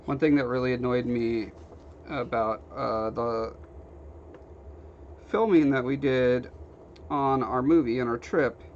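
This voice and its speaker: Relaxed man chatting on a stream. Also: mid-range voice, takes it slowly, pauses often. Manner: relaxed, rambling, reads viewer comments aloud. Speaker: livestreamer. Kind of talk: casual chat while working, reading chat. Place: home workshop. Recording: slightly dull stream audio with faint background noise.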